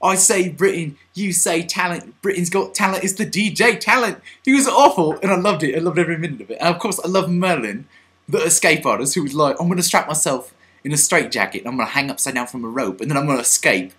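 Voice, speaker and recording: A man's voice: on the high side, animated, fast, fairly bright tone. A man voicing a pompous, self-styled British lord who gushes theatrically, recorded on a webcam for a vlog. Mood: gushing.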